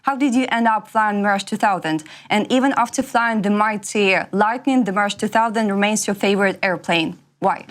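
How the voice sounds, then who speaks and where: A woman's voice: mid-range voice, a little fast, hardly any pauses. A woman interviewer, formally reading prepared questions to her guest.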